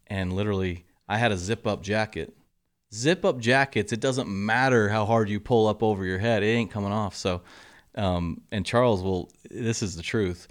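A middle-aged man, a golf coach telling lively stories in an interview and acting out the quotes. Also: normal speed. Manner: animated storyteller, acts out quotes, drops to a low murmur for asides. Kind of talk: casual interview storytelling.

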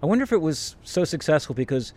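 A man's voice: a little high, very animated, quick pace, a little mellow. An older man hosting a podcast, interviewing a guest outdoors in a backyard with wry, teasing questions. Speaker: podcast host.

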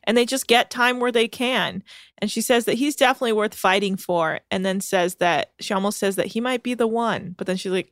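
A woman recapping a reality show in chatty, sarcastic storytelling. Her voice sits at an ordinary pitch for a woman. It is recorded close and dry, with no room sound. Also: brisk, dry recording. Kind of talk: casual recap chat.

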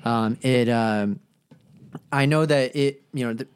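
Male podcast host, casual chat, rambling, lots of "like" and "um", enthusiastic, mid-pitched. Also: slow pace, smooth. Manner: rambling, filler-heavy, enthusiastic.

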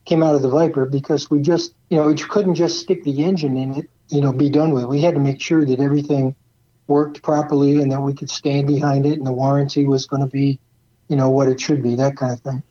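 A man who is a guest, telling relaxed stories about building a truck, often saying "you know". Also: mid-range voice, brisk, dull audio. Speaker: former truck program leader as guest. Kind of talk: casual storytelling.

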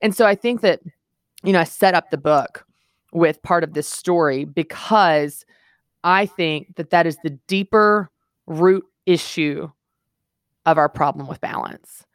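Low earnest woman, podcast guest author, dry close mic. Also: a little slow, clean tone, no echo. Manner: earnest, emphatic storytelling. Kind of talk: podcast interview.

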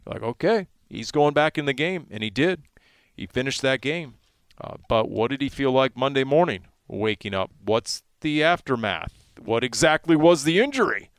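A man talking sports on the radio as a sideline reporter, spinning his stories with lots of energy. His voice leaps upward whenever a moment excites him. The sound is close and dry, with no room around it. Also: medium pitch, moderate pace, clean tone, dry recording. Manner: animated storytelling, voice jumps up in excitement.

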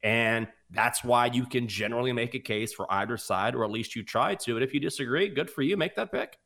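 A man's voice: medium pitch, brisk, creaky. A man co-hosting a sports betting podcast, chatting casually and telling stories with mocking voices. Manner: animated storyteller, mocking voices.

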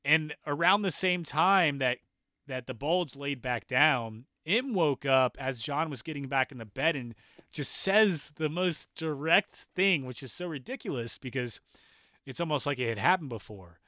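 A man's voice: a little high, measured pace, no echo, studio quality. Laughing young man telling a wild story. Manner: animated, profane, laughs through the story. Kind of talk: casual personal storytelling.

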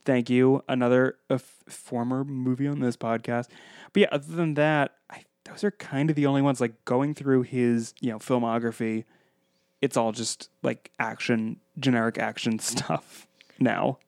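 Medium in pitch and steady, with a darkish tone and moderate pace, a man co-hosting a podcast chats about a movie in a relaxed review style. He slips into playful impressions of film lines, and the studio-quality recording has no room sound.

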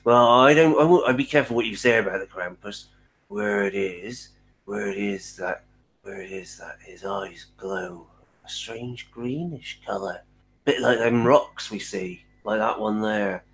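A sulking, superstitious traveller grumbles and mutters warnings about what lurks on winter nights, as a man puts him on. The voice sits fairly low and keeps its dread close to the chest. It sounds like a character voice in a tabletop game. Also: a little slow, vocal fry, fairly bright tone, breathy edge, full character voice, rough recording. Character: grumpy superstitious male traveller.

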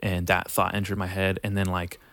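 A young man with a very low voice tells a long, rambling story in casual chat, full of swearing and "like". The sound is dry and close, with almost no room. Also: completely flat delivery, a little fast, vocal fry, fairly bright tone, no echo. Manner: rambling, profane, laid-back storytelling.

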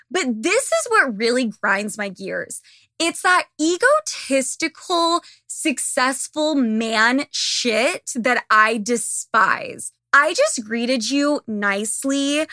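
Young woman podcaster ranting and cussing, bright edgy voice, dry close sound. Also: high voice, animated, takes it slowly, dry recording. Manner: profane, ranting, candid. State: slightly losing her voice. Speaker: podcast host. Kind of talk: casual monologue.

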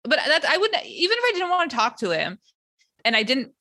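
A young woman with a bright, sharp voice talks over a friend in casual chat, her pitch jumping around as she acts out characters' lines. She talks in quick bursts with plenty of "like"s. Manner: animated, heavy use of "like", acts out characters' lines. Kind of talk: casual chat recapping a TV episode.

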